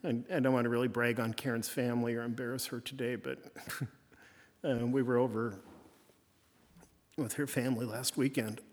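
A man's voice: medium pitch, level tone, moderate pace, long pauses, big-room sound. A man preaching a folksy, conversational sermon in a church, circling back to the same refrains again and again. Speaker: pastor.

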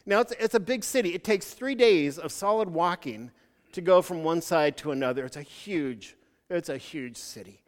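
A man preaching a sermon, telling a story in a halting way with many restarts. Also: on the high side, expressive, in a large hall.

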